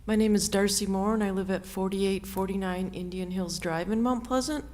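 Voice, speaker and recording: A woman's voice: mid-range voice, fairly even intonation, moderate pace, a little mellow. Composed middle-aged woman at a meeting. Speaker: resident speaking at public comment. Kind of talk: public comment at a village meeting.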